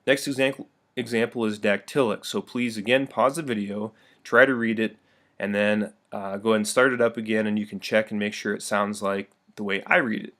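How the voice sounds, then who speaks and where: A man teaching a recorded video lesson in a friendly, upbeat way, reading verse slowly with heavy stress. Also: fairly low pitch, steady tone, fairly bright tone.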